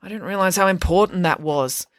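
A woman's voice: fairly low pitch, fairly quick, dry recording, studio quality, close to an everyday voice. A woman voicing a bossy, blustering male king of the gods.

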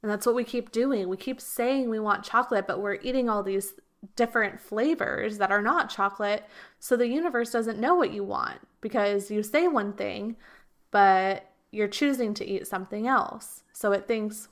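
A woman's voice: a little high, normal speed, fairly bright tone. An earnest woman talking through a solo podcast episode as a relationship coach. She circles back over her points and sometimes slips into quoted voices to make them vivid. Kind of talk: reflective solo podcast talk.

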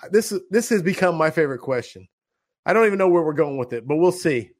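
A man's voice: a little high, animated. A man hosting a podcast, running a playful quiz with his guest in casual chat. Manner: playful, quick quiz-show banter. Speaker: podcast host.

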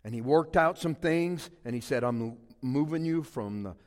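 A man's voice: mid-range voice, lively intonation, normal speed, in a large hall. A man in his fifties from South Louisiana, preaching a sermon with emphatic, rising repeated phrases. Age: 50s. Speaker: pastor.

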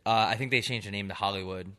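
Here a young man with a fairly low pitch talks fast as a podcast co-host. His chatty stories ramble, turn profane, and are told with plenty of animation.

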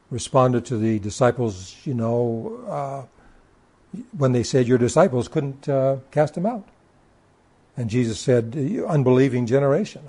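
A man delivers a sermon, reading passages of scripture and then expounding on them. His voice is warm and dark with a husky edge, and he leans into key words, sometimes stumbling into quick restarts as he drives his point home. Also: medium pitch. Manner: occasional stammered restarts. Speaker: preacher.

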